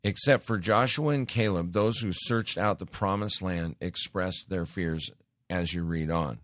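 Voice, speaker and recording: A man with a lower voice delivers a sermon, alternating scripture reading with emphatic exhortation. The sound is dry and close, with no room around it. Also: measured pace, fairly bright tone, no echo. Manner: emphatic, exhorting, addresses listeners as folks. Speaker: preacher.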